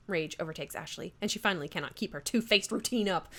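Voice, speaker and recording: A woman's voice: fairly low pitch, fast talker, fairly bright tone. A woman streamer reading a dating game aloud in a giggly, playful way.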